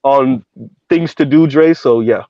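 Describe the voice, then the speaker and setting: A man's voice: mid-range voice, unhurried, no room sound. A man hosting an online panel chat, talking casually and restarting his sentences often. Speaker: show host. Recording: dull dry lo-fi audio.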